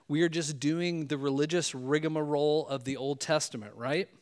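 A male pastor giving a sermon in a loose, conversational way, often checking in with "right?". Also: fairly high pitch.

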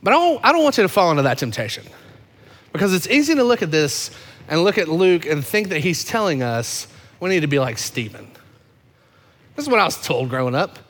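A man with a notably high voice delivers an impassioned sermon as pastor of a church. He swings between loud emphasis and hushed, low passages. His voice rings with the long reverb of a large sanctuary. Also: very animated, brisk.

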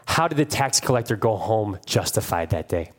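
A man's voice: on the low side, lively intonation, normal speed. A man in his thirties, a pastor preaching a conversational sermon, retelling stories and acting out quotes. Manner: storytelling, conversational, with playful acted quotes.

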